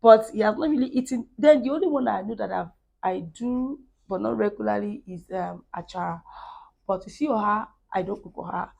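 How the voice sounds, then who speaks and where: A woman's voice: medium pitch, brisk, creaky, a little mellow, no room sound, muffled recording. A Nigerian woman vlogging casually from her home kitchen, chatty and rambling as she talks straight to viewers, her voice worn down after being ill. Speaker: cooking vlogger. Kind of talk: casual cooking vlog chat.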